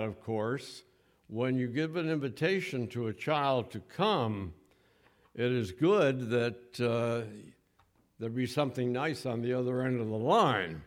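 An older man from the United States preaching a sermon in church, talking in a folksy, conversational way and speaking to his congregation directly. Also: mid-range voice.

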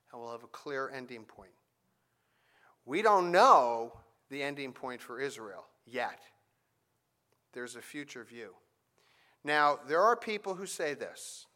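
A man preaching a sermon, telling a family story and then teaching from scripture, with animated emphasis on key points. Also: medium pitch. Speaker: pastor.

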